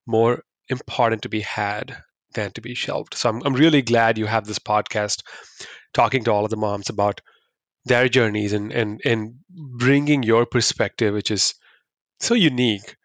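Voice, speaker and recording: Low-voiced guy hosting a podcast, thinks out loud, stops and restarts a lot, dry sound. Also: fairly even intonation, no echo. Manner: thoughtful, halting, with frequent restarts. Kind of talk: reflective podcast conversation.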